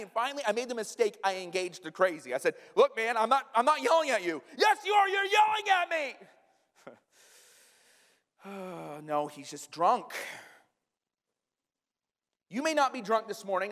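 A male pastor preaching a sermon, mixing scripture teaching with funny personal stories and quick questions to the congregation. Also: high voice, big-room sound. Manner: animated storytelling with humorous asides to the congregation. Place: church sanctuary.

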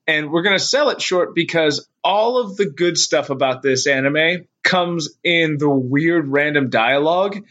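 A middle-aged man chatting as a podcast co-host, his voice sitting a little high for a man. He laughs often and swears offhandedly. The recording sounds muffled and lo-fi. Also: measured pace, hardly any pauses, a bit bright. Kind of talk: casual chat. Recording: dull lo-fi podcast audio.

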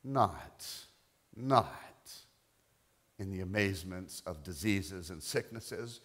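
A middle-aged male pastor preaching a sermon, telling a testimony softly and rising to loud, impassioned declarations. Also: low-pitched, lively intonation, slow pace. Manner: quiet storytelling building to loud, impassioned declarations.

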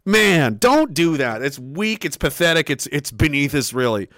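A man's voice: on the high side, very animated, moderate pace, a bit bright, dry recording, studio quality. Profane, rambling man in his thirties. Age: 30s. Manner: profane, loose, laughing, with many restarts. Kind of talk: casual rambling monologue.

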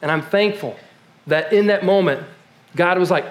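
A male pastor with a notably high voice preaches in a conversational, personal way. He often stumbles over words and restarts his sentences as he talks. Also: moderate pace. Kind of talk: sermon.

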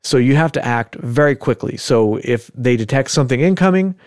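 A man's voice: mid-range voice, expressive, fairly quick, darkish tone, no echo, clean studio sound. A man hosting a podcast, telling a story in casual chat with joking asides and frequent chuckles. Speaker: podcast host.

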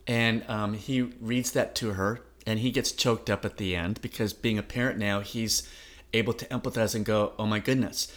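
A man's voice: fairly low pitch, steady tone, normal speed, fairly bright tone. A middle-aged man co-hosting a podcast, talking in an earnest, encouraging way. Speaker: podcast co-host. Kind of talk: casual chat.

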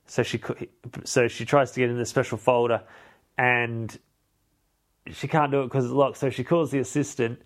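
Man, podcast host, deadpan, rambling, mid-pitched voice. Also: moderate pace. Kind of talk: comic film recap.

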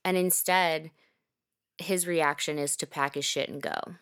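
A woman's voice: low-pitched, steady tone, a little slow, a bit bright, clean tone. A woman hosting a podcast, telling a personal story in a candid, emotional way with frequent swearing.

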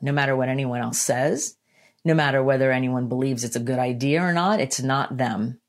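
A woman giving a motivational self-help talk, earnest and emphatic, repeating her key lines and slowing down to stress them. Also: extremely low pitch. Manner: slows down to stress points. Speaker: motivational speaker.

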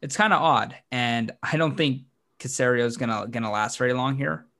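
Co-hosting a sports podcast, this man chats casually and with lots of animation, laughing readily as his pitch leaps upward whenever he gets excited.

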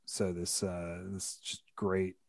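A man's voice: low-pitched, monotone, slow pace, darkish tone, soft background music. A man hosting a casual book discussion, thoughtful and hesitant, with many fillers and restarts. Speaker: podcast host.

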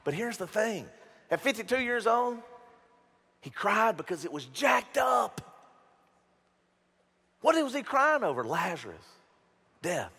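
A man preaching a sermon as pastor, emphatic and animated, with jokes and stories. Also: high-pitched, measured pace, long pauses, slightly rough, raised voice, long reverb tail. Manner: animated, emphatic, joking storyteller.

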